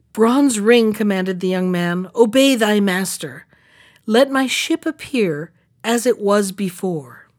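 A woman reading a fairy tale aloud, lifting her voice for the characters' lines. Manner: expressive, raises pitch for characters' lines. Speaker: storyteller.

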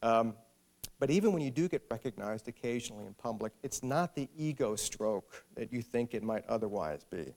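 A man's voice: medium pitch, sing-song, moderate pace, gravelly, a little mellow. A middle-aged man, an author, gives a humorous public talk and tells a wry, self-deprecating story. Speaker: author speaking at an event.

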